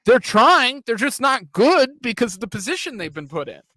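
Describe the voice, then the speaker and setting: A man's voice: extremely high pitch, very animated, normal speed, sharp tone, no room sound. A man hosting a reaction show, giving blunt, critical and profane casual commentary.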